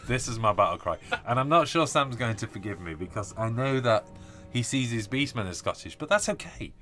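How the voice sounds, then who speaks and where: A man's voice: mid-range voice, big pitch swings, fairly quick, a bit bright. A man hosting a casual live stream, chatting, laughing often and reading viewer comments aloud. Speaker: host reading live chat.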